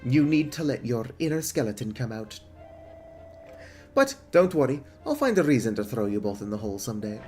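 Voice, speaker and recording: A man's voice: medium pitch, very animated, fairly quick, darkish tone, soft background music, natural voice. A man voicing a bossy male prison guard who barks orders and taunts the inmates in a game. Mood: scolding.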